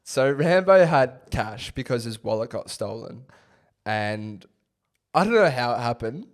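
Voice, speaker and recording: A man's voice: mid-range voice, measured pace. A young Australian man co-hosting a podcast, telling stories in casual chat with frequent laughter. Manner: animated storyteller, laughs often. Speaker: podcast co-host.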